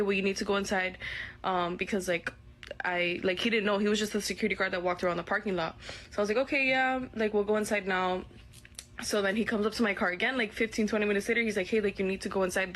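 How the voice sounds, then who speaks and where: A woman's voice: medium pitch, a bit bright. Rambling woman telling a story. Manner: rambling, heavy use of "like" and "whatever". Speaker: witness recounting events in a clip. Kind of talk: casual storytelling.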